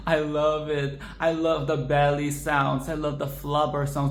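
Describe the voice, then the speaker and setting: A woman's voice: deep voice, monotone, moderate pace, few pauses, reverberant, a little hiss or hum. A young woman casually reviewing a film, emphatic and profane, often tagging "okay?".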